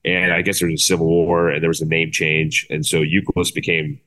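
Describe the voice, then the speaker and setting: A middle-aged man as a podcast guest, talking excitably and laughing at himself as he rambles. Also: extremely low pitch, brisk. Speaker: guest, former player. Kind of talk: casual interview talk.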